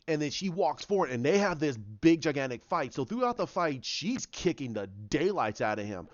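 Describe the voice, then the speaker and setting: A man YouTuber casually retelling a story in a rambling, halting way, on a slightly dull, dry recording. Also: fairly high pitch, big pitch swings, dry recording.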